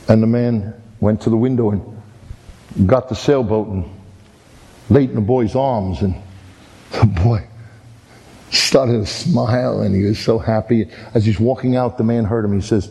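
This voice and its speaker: Male preacher, warm tone, animated storyteller, heard in a reverberant hall. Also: mid-range voice, moderate pace, gravelly, pauses often, some chatter behind. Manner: animated storytelling, many repeated "and, and". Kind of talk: sermon with a story.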